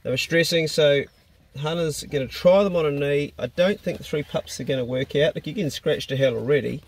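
A man's voice: on the high side, fairly quick. A man in his forties with a New Zealand accent, chatting casually as he vlogs a road trip and talks fondly to his dogs, recorded on a handheld camera in a truck and outdoors by the road. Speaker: vlogger.

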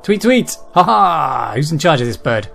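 A man doing casual let's-play commentary, reading the game's text aloud and breaking into chuckles and exclamations. His voice sits somewhat high with very lively intonation. Game music plays clearly behind him. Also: moderate pace. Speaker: gameplay commentator.

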